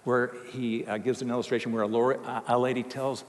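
A man's voice: mid-range voice, little pitch movement, brisk, big-room sound. A man giving a conversational sermon as a pastor, with some restarts.

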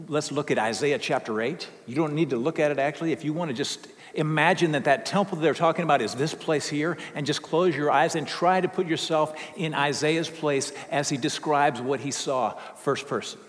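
Guy preaching a sermon, casual and a bit halting, echoey church room. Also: medium pitch. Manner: conversational preaching with restarts. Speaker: pastor.

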